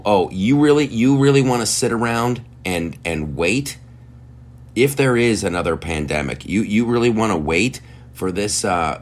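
Heated, profane man ranting. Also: on the low side. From United States. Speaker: podcast host. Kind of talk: ranting podcast monologue.

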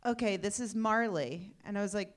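A woman chatting on a panel, teasing with deadpan humor. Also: medium pitch, normal speed. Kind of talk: casual chat.

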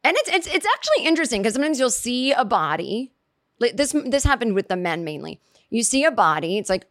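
Rambling, animated woman telling a comic story. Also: a little fast, no room sound, studio quality. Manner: rambling, self-interrupting, lots of "like" and "you know"; animated, jumps in pitch for emphasis.

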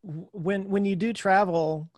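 A male interviewer with a fairly high voice, recorded close and dry. He asks relaxed follow-up questions and adds short replies. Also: unhurried, dry recording. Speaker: interview host. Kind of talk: casual interview chat.

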